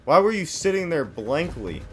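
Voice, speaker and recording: A young man commentating on his horror game playthrough, swearing freely and reacting loudly to each turn. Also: a little high, very animated, moderate pace, over music. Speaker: gameplay commentator. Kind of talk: let's play commentary.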